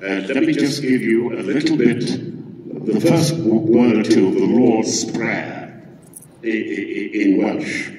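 A man speaking at a convention panel with a slow, deliberate, theatrical delivery. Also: lowish voice, warm tone, a little hiss or hum. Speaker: actor panelist. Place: large indoor convention hall. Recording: echoey hall from far off with crowd.

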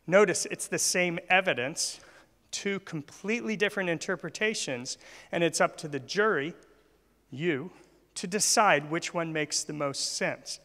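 A man's voice: fairly high pitch, moderate pace, bright, forceful tone. Man speaking in a reverberant church hall. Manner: asks the audience questions. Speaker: guest speaker. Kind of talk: church talk.

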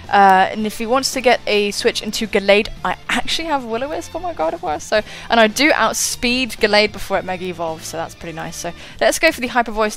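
A young woman with a mid-range, fairly bright voice gives casual, chatty commentary on a game battle. She's a gaming YouTuber who mocks her own moves, swearing and laughing often.

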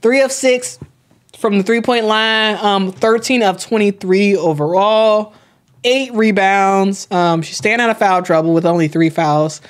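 A woman's voice: mid-range voice, measured pace. A young woman hosting a sports live stream, chatting casually, reading chat comments aloud, often repeating herself with plenty of fillers.

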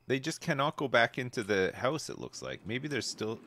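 A man giving casual, wry commentary while playing a life-sim game, laughing often and swinging between amused outbursts and low mutters. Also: sing-song, moderate pace, sharp tone, slight background noise.

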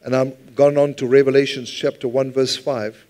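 A man's voice: mid-range voice, level tone, moderate pace, darkish tone. A man preaching a sermon at church, speaking conversationally, often repeating words and asking the congregation to answer back. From South Africa. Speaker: pastor.

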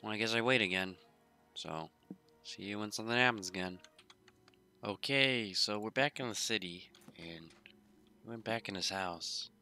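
A man's voice: lowish voice, normal speed, long pauses, bright, forceful tone, faint music behind. A man casually commenting on his gameplay in a laid-back, drowsy, mumbling way. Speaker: gaming YouTuber.

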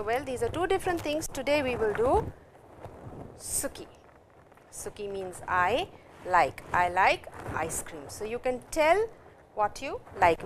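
A woman's voice: a little high, slight background noise. An Indian woman teaching a Japanese lesson, explaining grammar step by step and reading example lines aloud. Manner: explains slowly, reads dialogue lines aloud. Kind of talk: recorded language lesson.

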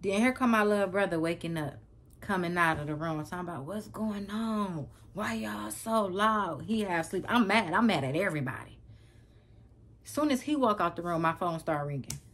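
Vlogger, woman, slightly low voice, animated and emphatic storyteller. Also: fairly quick. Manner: animated, emphatic, repeats herself, talks straight to viewers. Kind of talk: casual storytelling to camera.

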